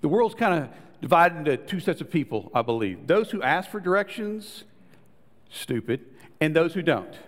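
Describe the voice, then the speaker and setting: A man preaches with a high, lively voice that climbs and falls as he tells the story. He acts out the people in it and drops to hushed, low lines for emphasis. His voice rings with the long reverb of a large hall. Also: moderate pace. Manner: animated storytelling, acting out quoted voices, dropping to soft low tones for emphasis. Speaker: pastor. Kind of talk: sermon.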